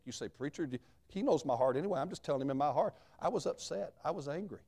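A man's voice: a little high, animated, fast talker, vocal fry, few pauses, a little mellow. A man, a missionary preacher telling his story in a sermon in a folksy, plain-spoken way.

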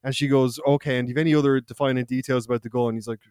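A man's voice: mid-range voice, fairly even intonation, racing, a little mellow, clear, resonant tone, no echo, studio quality. A young Irish man, a podcast co-host, telling a loose, profane anecdote in casual chat, laughing and acting out quotes. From Ireland.

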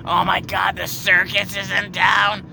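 A man imitating a loud, excitable middle-aged woman who gushes in drawn-out exclamations. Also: high-pitched, creaky, noisy background, pitched above the performer's own voice, heavily acted. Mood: gushing.

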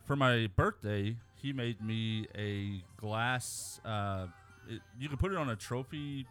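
A man with a fairly low voice, joining in on a loose podcast chat with playful jokes. Faint music sits quietly behind the conversation. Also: slow. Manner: joking, playful. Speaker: podcast co-host.

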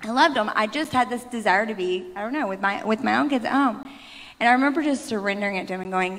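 A woman's voice: a little high, fast, fairly bright tone. A woman in her thirties sharing a heartfelt, rambling faith testimony on stage, often restarting her sentences. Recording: long hall reverb.

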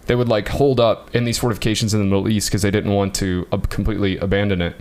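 A man's voice: on the low side, flat delivery, quick pace, a little mellow, clear, resonant tone. A man co-hosting a casual history podcast, talking loosely with many fillers and frequent laughs. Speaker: podcast co-host.

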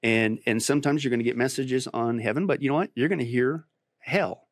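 A pastor in a talk interview, a man who speaks emphatically and climbs to forceful, insistent peaks. His voice sits at a middling pitch. The sound is dry and close. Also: a little fast, no echo. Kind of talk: preaching on a podcast interview.

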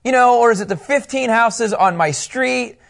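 A man teaching a Bible class, animated and asking his students questions as he goes. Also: extremely high pitch, moderate pace, creaky.

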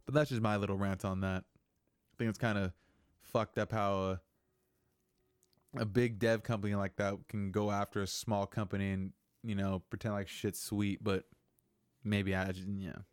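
A man's voice: fairly low pitch, little pitch movement, normal speed, clear, resonant tone, dry recording. A young man hosting a casual solo podcast, rambling and venting with lots of swearing. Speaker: podcast host.

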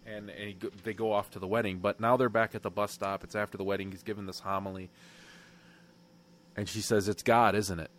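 Low-voiced man, reflective podcast co-host. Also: flat delivery, a little fast. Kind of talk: casual podcast chat.

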